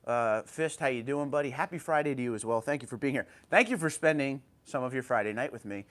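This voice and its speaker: He's from New Jersey, hosting a laid-back livestream at home through an old tablet and speaking fast at an easy, even pitch. His casual chat consists of greeting viewers one at a time by name and reading their comments back to them informally and warmly.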